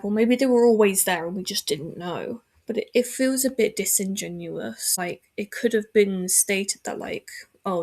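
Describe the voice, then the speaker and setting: A woman hosts a podcast from a room at home, chatting casually with a medium-pitched voice that is creaky, a little mellow and husky. She rambles with lots of filler words, frequently correcting herself and restarting.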